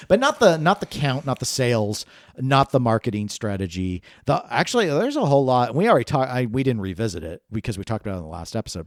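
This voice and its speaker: A man co-hosting a podcast in casual chat, animated and jokey, with a close microphone. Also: fairly low pitch, dry recording. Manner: animated, jokey, puts on silly voices. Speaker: podcast co-host.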